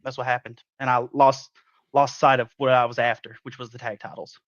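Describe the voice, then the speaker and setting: A man's voice: mid-range voice, little pitch movement, fairly quick, a bit bright, no echo, highs cut off. A man who is a guest wrestler giving an in-character interview, defensive, aggrieved and boastful.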